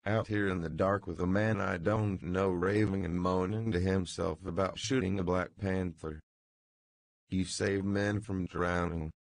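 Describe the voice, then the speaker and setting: A man's voice: deep voice, steady tone, unhurried, gravelly, no room sound. A man reading as a weary, brooding young poet. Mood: uneasy. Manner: quiet, tense.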